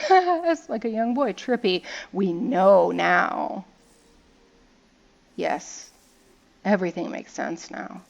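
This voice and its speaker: A woman's voice: mid-range voice, expressive, takes it slowly, vocal fry, long pauses, dull audio. A young woman casually commenting as she opens card packs, reading card text aloud and joking about the artwork. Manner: chatty and playful, reads card text aloud and jokes about the art. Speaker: gaming video host.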